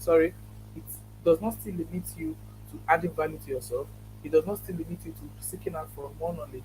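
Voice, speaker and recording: A man's voice: on the high side, poor audio. A Nigerian man hosting an online conference, giving earnest closing remarks and thanking people, with many restarts. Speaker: conference host.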